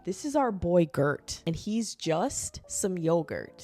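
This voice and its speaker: A young woman in her twenties with a hoarse voice, chatting sarcastically and swearing in a giggly comedic vlog. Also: fairly low pitch, lively intonation, slow pace, hardly any pauses. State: hoarse from raving. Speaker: vlogger. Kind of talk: casual comedic vlog commentary. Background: soft background music.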